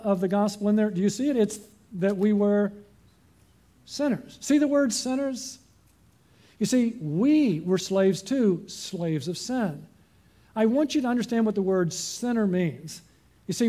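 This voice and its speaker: Male preacher, sermon, high voice, mellow tone, asks the listeners questions. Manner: earnest, asks the congregation questions.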